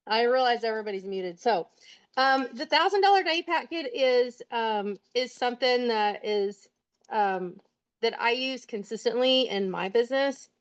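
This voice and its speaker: A woman's voice: on the high side, animated, moderate pace, clean tone, dull audio. A woman presenting a sales plan on a video call, upbeat and explaining step by step. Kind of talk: virtual team training talk.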